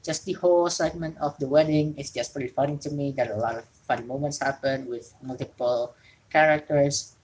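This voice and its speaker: A woman's voice: very deep voice, fairly even intonation, brisk, darkish tone, low-quality recording. A woman from Indonesia, an English speaker, hosting a casual solo wrestling talk show from home and rambling with frequent self-corrections. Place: home during rain.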